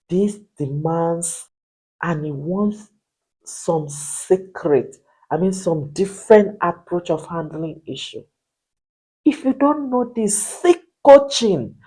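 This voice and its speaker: A woman's voice: a little high, dark tone, breathy edge, poor audio. Emphatic woman marriage coach. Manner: emphatic, repetitive rhetorical questions. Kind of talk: motivational preaching.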